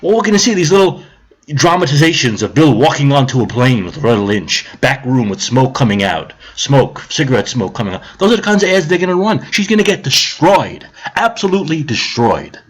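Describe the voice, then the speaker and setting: Husky man in a heated political rant. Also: mid-range voice, lively intonation, brisk. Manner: heated, profane, sarcastic, repeats himself. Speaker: live-stream political commentator. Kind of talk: ranting political monologue.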